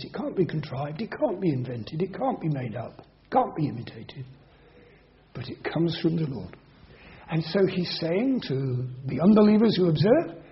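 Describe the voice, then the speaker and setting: A man preaching a sermon in an earnest, measured teaching manner, slowing down and repeating words for emphasis. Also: sits high. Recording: dull lo-fi recording.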